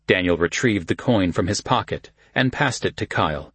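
Low, husky male audiobook narrator. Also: normal speed, hardly any pauses, a bit bright, dry recording.

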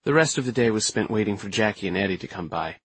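Husky-voiced male audiobook narrator. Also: lowish voice, lively intonation, quick pace. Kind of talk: first-person scripted narration.

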